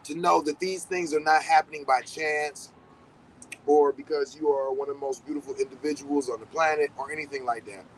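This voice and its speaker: Dude just riffing on magic stuff, swears a lot, acts out reactions, faint road noise behind. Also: male voice, on the high side, steady tone, a little fast, poor audio. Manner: loose, conversational, swears often, acts out quoted reactions. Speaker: podcast host. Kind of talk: casual spiritual talk.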